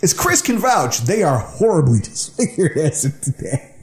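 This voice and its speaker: Co-hosting a podcast, this Buffalo-area man in his thirties laughs his way through a funny story in a relaxed manner. He speaks at a moderate pace in a slightly high, sing-song voice.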